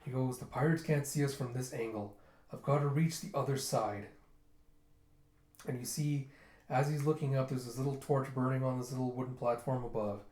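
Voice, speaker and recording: Reading aloud as a manga reviewer, a man gives an easy, casual recap of a comic chapter at a moderate pace. Animated throughout, he keeps switching into little character voices. His average-pitched voice echoes in a roomy space.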